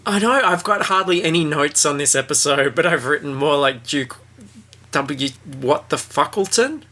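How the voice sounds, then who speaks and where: Low-voiced woman cracking crude jokes. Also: expressive, normal speed, sharp tone. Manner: crude jokey banter, puts on mock voices. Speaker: podcast host. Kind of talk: casual comedic book chat.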